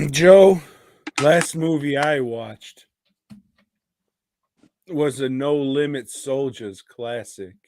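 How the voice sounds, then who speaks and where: A man's voice: a little high, drawn-out words, vocal fry, pauses often, a little mellow. A man co-hosting a podcast, chatting in a crude, profane, rambling way. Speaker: podcast co-host. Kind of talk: casual podcast chat.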